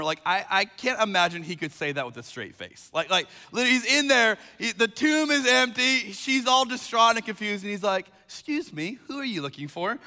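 A male pastor delivers his sermon with a lively, swooping delivery and a bright, forceful tone. He pushes his points hard and repeats phrases for emphasis. His voice rings out with the long reverb of a large hall. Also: sits high.

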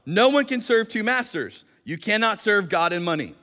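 A man's voice: high voice, big pitch swings, normal speed, sharp tone, long reverb tail. A male pastor preaching a sermon in a conversational, explanatory way with light jokes, speaking in a church sanctuary.

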